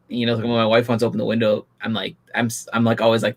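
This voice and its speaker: A man's voice: medium pitch, steady tone, fast, few pauses, fairly bright tone. A man chatting casually as a guest, jokey and emphatic and not shy of swearing. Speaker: guest artist. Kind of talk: casual chat.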